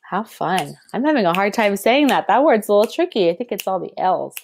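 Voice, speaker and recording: A woman's voice: mid-range voice, big pitch swings, fairly quick, few pauses, a little mellow, a little hiss or hum. A young woman teaching a children's music lesson, chanting rhythm syllables in an encouraging, sing-song way.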